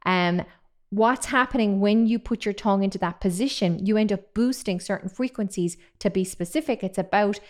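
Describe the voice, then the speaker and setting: A woman's voice: medium pitch, moderate pace, a little mellow. A woman in her thirties teaching a singing lesson in an enthusiastic, chatty way. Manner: enthusiastic, chatty, demonstrates sounds. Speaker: singing voice coach. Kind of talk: vocal technique lesson.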